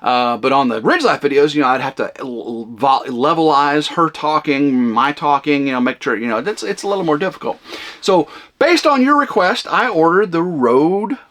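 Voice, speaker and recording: A man hosting a vlog, rambling casually at home in a camper cabin, loud and flamboyant with lots of fillers. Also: on the high side, expressive, normal speed. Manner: loud, big flamboyant talker. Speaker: vlog host.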